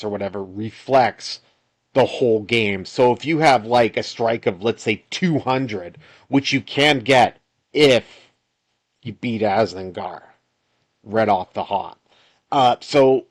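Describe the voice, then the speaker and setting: A man, a solo game developer, chatting casually over gameplay in a rambling way, restarting his sentences and sighing often. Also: medium pitch. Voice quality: rambling, with frequent restarts and sighs.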